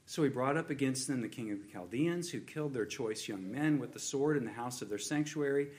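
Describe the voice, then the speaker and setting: A man's voice: mid-range voice, a little fast, a little mellow. A man preaching a sermon, earnest and repetitive, building emphasis on key points. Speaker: pastor.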